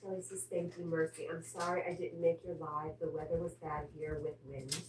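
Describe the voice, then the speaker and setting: A woman with a low voice and flat delivery hosts a casual livestream from home at a normal pace, reading viewer comments aloud, chatting back, and breaking off to scold her dog. She sits distant from the mic in a roomy, echoing space with faint ambient noise.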